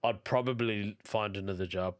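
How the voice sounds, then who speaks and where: A man's voice: on the low side, fairly even intonation, moderate pace. A man with a Birmingham accent hosting a comedy podcast, reading listener stories aloud in a casual monologue and chuckling often. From England.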